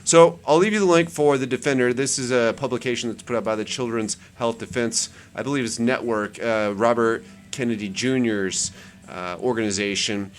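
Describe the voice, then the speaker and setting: Scrolling through websites on a screen share, a man who runs his own channel rambles casually and says words twice for emphasis. His pitch is medium and his pace moderate.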